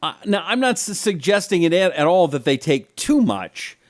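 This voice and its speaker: A man with a lively voice that swoops up and down chats on a talk show. He jokes and asks leading questions. The sound is close and dry. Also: sits high, normal speed, dry recording. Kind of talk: casual talk show chat.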